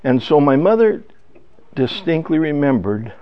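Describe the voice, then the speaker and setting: Older man giving emotional halting testimony. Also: on the high side, big pitch swings, dry recording. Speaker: speaker. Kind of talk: personal testimony talk. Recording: dull lo-fi sound.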